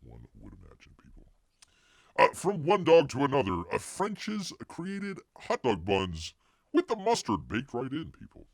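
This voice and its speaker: A man's voice: mid-range voice, wildly swooping pitch, unhurried, vocal fry, no room sound, studio quality. A man hosting a casual livestream, rambling and jokey as he reads news and chat, calling himself Bear. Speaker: livestream host.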